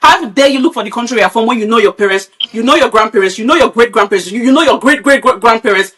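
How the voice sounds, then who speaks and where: A woman's voice: on the high side, fast talker, a bit bright. A woman from Nigeria, a podcast co-host, ranting bluntly and with a lot of swearing in casual, opinionated chat. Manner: blunt, profane, heated ranting.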